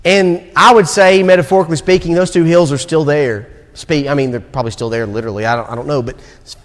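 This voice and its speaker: Southern man, young, preaching a sermon, quick asides and slow stressed phrases, fairly high voice, long church reverb. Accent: Southern American. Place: church sanctuary.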